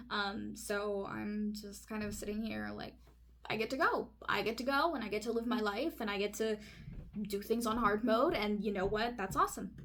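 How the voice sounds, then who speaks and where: A young woman from California telling a personal story in an excitable, chatty way, full of fillers. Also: mid-range voice. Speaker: vlogger. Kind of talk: casual chat.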